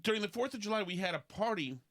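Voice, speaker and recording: A man, hosting a casual podcast and telling rambling stories in which he mimics other people in high voices. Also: animated, quick pace, a bit bright. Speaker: podcast host. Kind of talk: casual talk show banter.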